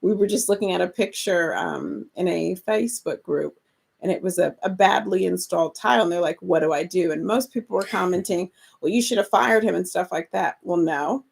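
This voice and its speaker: A woman co-hosting a casual chat about remodeling investment properties, agreeable and quick to laugh. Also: fairly low pitch, lively intonation, creaky, a little mellow, breathy edge. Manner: encouraging, agreeable, laughs often. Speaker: co-host.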